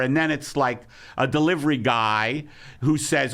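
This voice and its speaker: A man in his sixties with a New York accent, hosting a comedy podcast in a ranting style that swings into shouting. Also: medium pitch, normal speed. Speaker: podcast host. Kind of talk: comedic rant.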